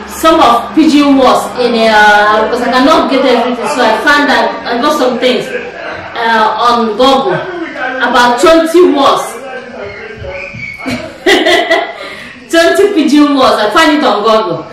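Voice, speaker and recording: A woman's voice: fairly high pitch, a little slow, crowd noise. A woman with a Nigerian accent hosting a casual family vlog at home, chatty and playful as she quizzes someone, often laughing. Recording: very echoey room, voice far from mic.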